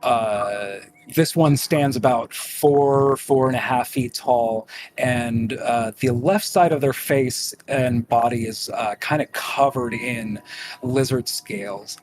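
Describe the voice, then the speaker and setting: A man narrating as game master for a tabletop game, slow and hesitant, with lots of ums and uhs. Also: medium pitch, noisy background.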